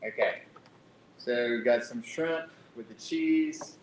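A man hosting a casual live cooking demo, thinking aloud and correcting himself as he reads the recipe. His voice bounces around an echoey room, with a faint rumble underneath. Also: takes it slowly. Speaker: cooking show host. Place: library kitchen room.

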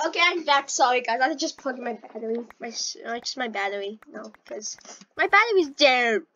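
A young woman with a high, bright voice chatters through her gameplay, swinging from silly sing-song to panicked yelling. The sound is a little dull and lo-fi, like a cheap home mic. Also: animated, fairly quick, a little hiss or hum. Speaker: gaming channel host. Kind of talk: casual gameplay commentary.

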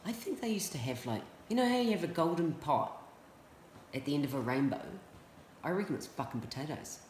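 A vlogger rambling goofily to the camera, slipping into quiet mumbled asides. The middle-pitched voice rings in a roomy space over a faint hiss. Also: lively intonation, a little fast. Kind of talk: casual self-talk vlog. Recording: roomy echo, faint noise.

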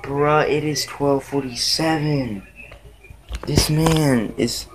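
A young man vlogging from a dark bedroom at night, swearing and exasperated as he hunts a bug in his clothes. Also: fairly high pitch, slow pace. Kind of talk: casual vlog commentary.

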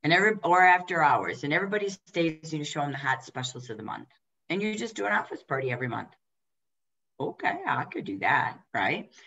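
A woman trainer giving a direct, emphatic coaching talk to team leaders, firing off quick rhetorical questions. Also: low voice, expressive, fairly bright tone, lo-fi sound.

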